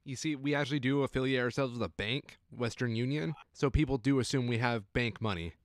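A man's voice: mid-range voice, fairly quick, no room sound, clean studio sound. A young man co-hosting a casual podcast, telling a story with wry asides. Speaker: podcast co-host.

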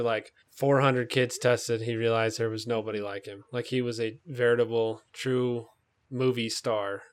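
A man at an ordinary middle pitch hosts a casual film podcast. He talks in a loose, rambling way, full of fillers and little tangents. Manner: chatty, lots of fillers and tangents. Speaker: podcast host. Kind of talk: casual movie chat.

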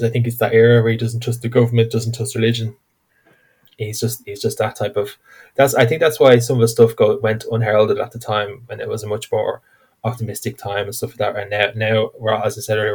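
Man, low voice, casual film talk, animated, repeats himself, acts out quotes. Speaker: podcast co-host.

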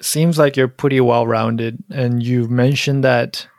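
A woman's voice: a bass voice, fairly even intonation, a little slow, a little mellow, dry recording, studio quality. A woman hosting a casual interview, laughing along and asking follow-up questions.

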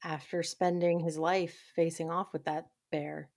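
A woman's voice: low-pitched, flat delivery, a little slow, creaky, a little mellow. A woman co-hosting a podcast, chatting casually about a TV episode and laughing often as she talks. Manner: giggly, laughs often while talking. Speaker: podcast co-host. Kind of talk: casual chat recapping a TV show.

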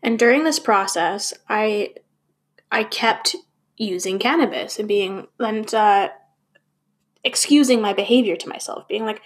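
A woman's voice: medium pitch, a little slow. A woman speaking candidly to her viewers, questioning herself and swearing now and then. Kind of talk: candid personal talk to camera.

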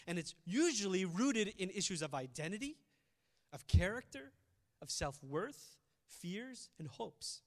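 A male pastor delivers a conversational sermon, swinging between loud emphasis and quiet, reflective asides. His voice sits high, and a long reverb tail trails after it.

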